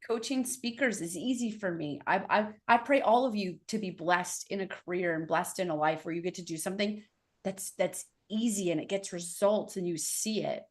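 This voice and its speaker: A woman speaking coach hosting an online session, gushing and animated as she tells a story over a call mic. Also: fairly low pitch, moderate pace. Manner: gushing, animated storyteller who acts out voices. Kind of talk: enthusiastic casual chat.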